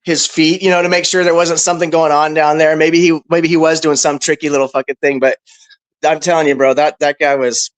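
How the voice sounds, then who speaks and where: A man on a discussion panel telling a story casually, animated and profane, with lots of "bro" and "right". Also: fairly high pitch, fairly quick, no room sound, rough recording.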